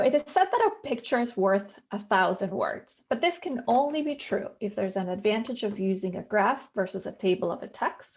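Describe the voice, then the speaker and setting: A woman gives a workshop lecture over a video call. She explains each point in turn and often asks rhetorical questions. Her voice sits at an ordinary pitch, and the call audio is slightly dull. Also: darkish tone. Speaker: workshop presenter.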